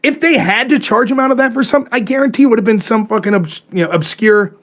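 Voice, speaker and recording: A man's voice: extremely high pitch, fast talker, hardly any pauses, fairly bright tone. A man hosting a podcast, ranting animatedly about politics in casual, profane talk. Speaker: podcast host.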